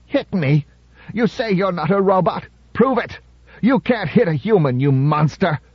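A man's voice: high voice, expressive, measured pace, slightly rough, no echo, lo-fi sound, pitched above the performer's own voice, exaggerated voice. A man voicing a frantic thin male heckler with a cracked, wild voice, in an audiobook reading. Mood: taunting, wild.

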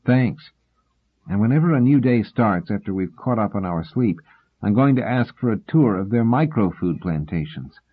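Wry scholarly man, read by a husky narrator. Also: lowish voice, animated, normal speed. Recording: tinny phone-like sound.

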